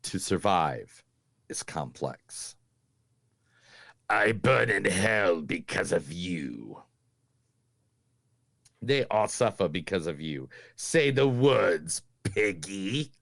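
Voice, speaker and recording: A man voicing a menacing male demon taunting a priest, reading film quotes slowly and ominously. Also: big pitch swings, gravelly, a bit bright, no echo, clean studio sound, exaggerated voice. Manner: slow, low, ominous delivery.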